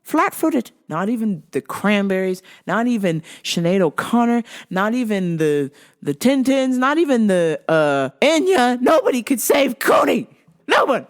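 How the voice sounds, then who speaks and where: A woman putting on an Irish accent as a rowdy fight fan hyping up a fighter, loud and repetitive. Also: mid-range voice, animated, measured pace, few pauses, close to an everyday voice. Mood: fired up. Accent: Irish, put on. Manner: loud, hyped, repeating itself.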